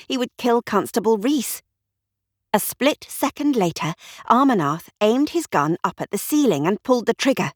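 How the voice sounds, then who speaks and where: A woman narrating a mystery audiobook with expressive storytelling. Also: medium pitch, no echo, studio quality. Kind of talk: scripted narration.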